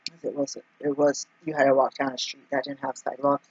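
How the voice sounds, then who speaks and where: A woman's voice: extremely low pitch, flat delivery, a little fast, breathy edge, dry recording, highs cut off. Chatty woman vlogger, dry close sound. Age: adult, mother of two young kids. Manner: chatty, many fillers, acts out quoted people. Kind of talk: casual storytelling vlog.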